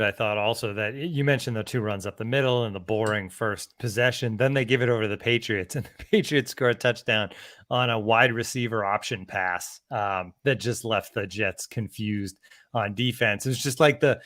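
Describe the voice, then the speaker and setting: A man's voice: on the low side, normal speed, a bit bright. An American man co-hosting a sports podcast in an easygoing, wry way. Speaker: podcast co-host. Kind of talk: casual podcast chat.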